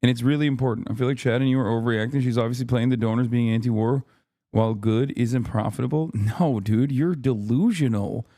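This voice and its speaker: A man in his thirties vents at his stream chat, exasperated and full of profanity. His tone is dark and mellow, held back so he does not wake a neighbor. The sound is dry and close, with no room around it. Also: medium pitch, fairly quick, dry recording. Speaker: streamer reacting to a speech. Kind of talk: heated live-stream commentary.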